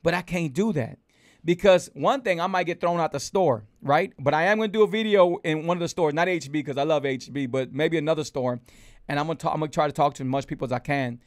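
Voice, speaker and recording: A man hosting a casual livestream, animated and preachy, hammering home rhetorical questions to his viewers. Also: on the high side, fast. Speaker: host of a health livestream.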